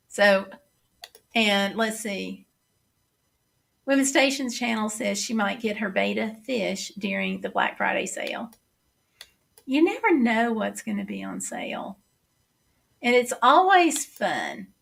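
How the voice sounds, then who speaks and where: A woman's voice: medium pitch, vocal fry, fairly bright tone. A middle-aged woman with a Southern accent hosting a casual livestream, chatting and reading viewer comments aloud. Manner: chatty, reads comments aloud and answers them.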